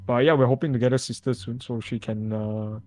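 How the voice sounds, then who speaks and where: A man's voice: medium pitch, fairly even intonation, fairly quick, darkish tone. Rambling man guest on a podcast. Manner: rambling, with many restarts and laughs. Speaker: guest, VTuber agency manager. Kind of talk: casual podcast chat.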